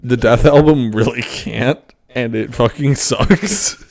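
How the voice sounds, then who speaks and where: A man's voice: mid-range voice, slow, darkish tone, no echo. A young man co-hosting a casual podcast, tipsy and joking, swearing and laughing often as he reviews albums. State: tipsy from drinking soju. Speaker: podcast co-host.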